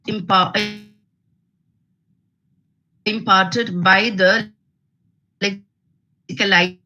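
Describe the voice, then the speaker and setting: A woman with an Indian English accent giving an academic lecture on phonetics over a video call, deliberate and full of fillers and restarts. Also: medium pitch, bright, forceful tone, dull audio.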